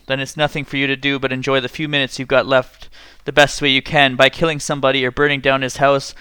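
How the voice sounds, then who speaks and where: A man voicing a menacing escaped convict in a story reading, speaking slowly in a rural drawl. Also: medium pitch, level tone, bright, forceful tone, smooth, dry recording, natural voice. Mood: bitter.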